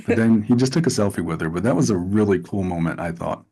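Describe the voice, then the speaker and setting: A man in a casual interview, telling animated stories with lots of restarts and asides. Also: fairly low pitch, quick pace, breathy edge. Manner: animated storytelling with repeated restarts. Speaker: actor, interview guest.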